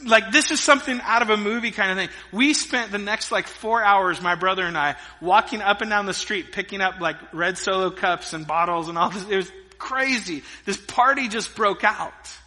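Middle-aged male pastor, animated storyteller, high and piercing tone. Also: moderate pace, hardly any pauses. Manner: energetic storytelling preacher, swinging between loud emphasis and hushed asides. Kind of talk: sermon. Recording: long reverb of a large hall.

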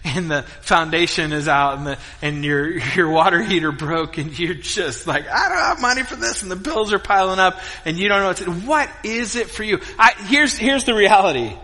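A middle-aged man preaching a sermon as the pastor, telling a story in an animated way with acted-out quotes and yelps. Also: sits high, moderate pace, few pauses. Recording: reverberant hall.

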